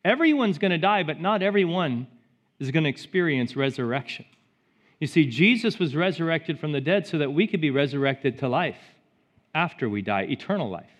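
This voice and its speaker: Pastor preaching, loud peaks and hushed lows. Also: male voice, lively intonation, moderate pace. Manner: swings from loud emphatic peaks to soft hushed storytelling. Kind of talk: sermon. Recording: slightly dull sound with faint music behind.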